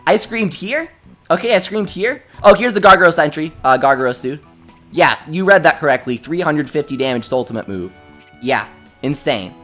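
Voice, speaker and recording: A young man hosting a casual game livestream, reading chat messages aloud and reacting with excitement. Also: a little high, brisk, faint music behind. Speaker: gaming livestreamer.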